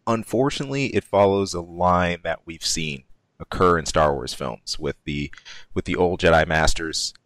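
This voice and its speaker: A man co-hosting a podcast in a casual chat, measured and hesitant, repeating words as he thinks. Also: sits low, fairly bright tone, no echo. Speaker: podcast co-host.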